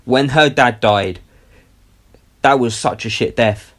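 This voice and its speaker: A man in a casual film review chat with a middle-pitched voice. He retells a scene with dry sarcasm and mockery. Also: takes it slowly, fairly bright tone. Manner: sarcastic, mocking storytelling. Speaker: film review podcast co-host.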